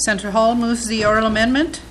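A woman committee chair running a vote and asking about wording in a brisk, procedural way. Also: a little high, fairly even intonation, noisy background. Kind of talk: chairing a hearing. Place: legislative hearing room.

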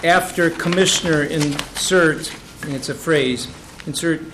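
A man reading an oral amendment aloud to a committee, slowly and deliberately. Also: fairly high pitch, background noise. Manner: deliberate, reads text slowly. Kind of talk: formal committee testimony. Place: legislative hearing room.

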